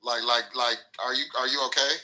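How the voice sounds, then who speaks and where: A man's voice: mid-range voice, level tone, fairly quick, sharp tone, poor audio. A man in a heated live-chat debate, mocking, with street slang and swearing. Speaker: American participant in a live audio chat.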